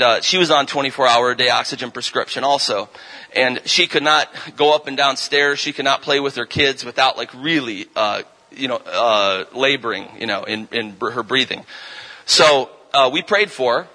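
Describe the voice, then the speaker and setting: A man's voice: mid-range voice, pushed and bright, poor audio. A man in his thirties preaching a revival sermon, telling healing stories and rising into fervent, emphatic declarations.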